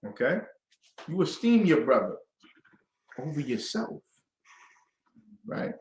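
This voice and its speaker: A man teaching a scripture class to a group, lively and conversational, acting out the voices he quotes. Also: fairly high pitch, slow, reverberant. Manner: lively, call-and-response, acts out quoted voices.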